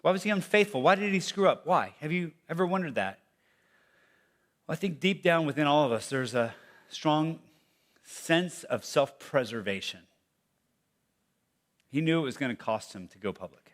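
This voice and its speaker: Conversational preacher, slightly high voice. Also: male voice, expressive, moderate pace, long pauses. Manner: conversational preaching, swings from loud to hushed. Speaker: pastor. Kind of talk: sermon. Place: church.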